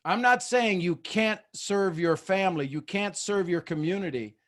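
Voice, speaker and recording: A man hosting a leadership video call, joking, animated and preacher-like. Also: high-pitched, normal speed. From Texas, USA. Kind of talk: motivational talk on a group call.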